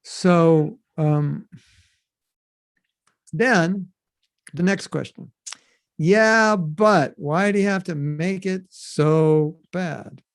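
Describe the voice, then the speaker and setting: A man hosting a podcast, teaching scripture in a casual, animated way and acting out quoted voices. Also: fairly high pitch, extremely slow, pauses often, clean tone, no echo.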